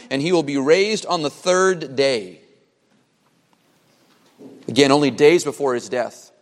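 A man preaching a sermon as a pastor, emphatic, with dramatic pauses and repeated phrases. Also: on the high side. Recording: long hall reverb.

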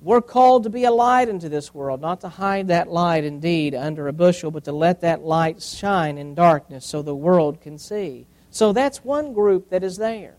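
A high-voiced man preaching from the pulpit. He hammers points with repetition and lets his voice fall to a hush for effect before rising again. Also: expressive, normal speed, hardly any pauses, low-quality recording. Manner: preaching with swings from loud emphasis to quiet, repeated phrases. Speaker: pastor. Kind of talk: sermon.

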